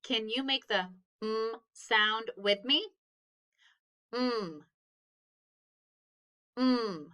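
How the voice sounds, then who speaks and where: A woman leads a phonics lesson at a very unhurried pace. Her voice is bright and clear, and she sounds out each letter patiently and encourages the listener. She keeps the tone gentle and instructive throughout. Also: a little high, steady tone. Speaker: teacher. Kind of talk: slow phonics lesson for children.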